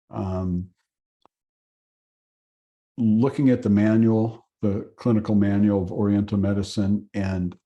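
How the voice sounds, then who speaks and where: Male instructor, lower-pitched, unhurried lecture storytelling, gentle pauses. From Oregon, USA. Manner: earnest, pausing with fillers. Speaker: acupuncture instructor.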